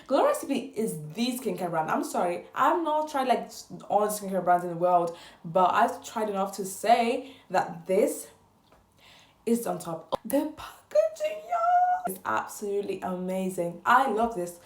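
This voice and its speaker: A woman's voice: mid-range voice, animated, measured pace, reverberant. Gushing woman reviewing beauty products. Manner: gushing, repeats words for emphasis. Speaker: beauty vlogger.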